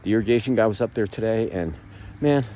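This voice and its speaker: Rambling upbeat middle-aged man, mellow voice. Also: fairly low pitch, fast, a little hiss or hum. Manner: rambling, upbeat, many fillers and restarts. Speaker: marketing vlogger. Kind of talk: casual motivational monologue.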